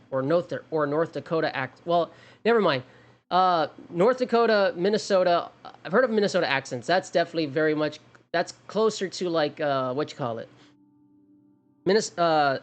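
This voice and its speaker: A streamer chatting casually during a game, rambling with many restarts and thinking aloud. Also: medium pitch. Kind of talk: casual livestream chat.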